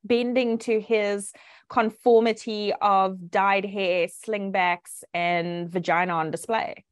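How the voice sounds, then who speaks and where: A woman's voice: medium pitch, steady tone, takes it slowly. A woman co-hosting a chat show, dropping wry joking asides. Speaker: podcast co-host. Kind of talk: casual chat.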